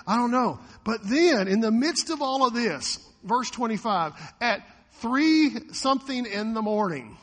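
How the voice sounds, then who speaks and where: A man preaching a sermon as a pastor, animated, often acting out the voices of the people in the story. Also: very high-pitched, unhurried, hardly any pauses, big-room sound.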